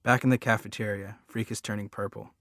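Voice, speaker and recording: A man narrates a storybook in the first person, earnest and plain-spoken. His voice sits on the low side, and the recording is dry and close, with no room around it. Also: steady tone, fairly quick, a bit bright, dry recording. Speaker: audiobook reader.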